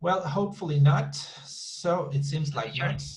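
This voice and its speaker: A man with a slightly high voice runs an online English lesson over a computer mic on a video call. He talks in a loose, repetitive way, circling back to the same point. He often turns to his students with quick questions. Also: a little hiss or hum, rough recording. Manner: chatty, repetitive, asks the class frequent questions. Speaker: English teacher. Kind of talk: online class teaching.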